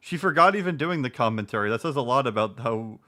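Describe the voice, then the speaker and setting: A man's voice: mid-range voice, lively intonation, fast talker, sharp tone. A man in his twenties streaming, reacting to a video with sarcastic, profane commentary. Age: 20s.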